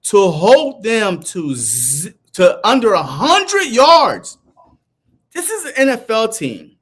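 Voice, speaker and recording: A man's voice: high-pitched, wildly swooping pitch, takes it slowly, a bit bright, slightly rough. A man co-hosting a casual sports talk show in a playful, teasing way. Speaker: co-host.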